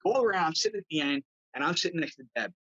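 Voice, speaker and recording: Husky man telling stories animatedly. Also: on the high side, racing, no room sound, dull audio. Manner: animated, acts out quotes, says "right?" often. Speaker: guest, tarot reader. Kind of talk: casual storytelling chat.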